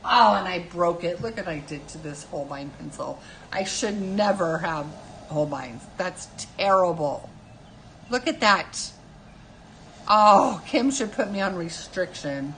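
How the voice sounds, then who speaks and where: Woman, 50s, live stream host. Casual, chatty, self-deprecating, lower pitch. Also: expressive, a little slow, fairly bright tone, a little hiss or hum, rough recording. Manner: chatty, self-mocking, laughs often. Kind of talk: casual chat while drawing.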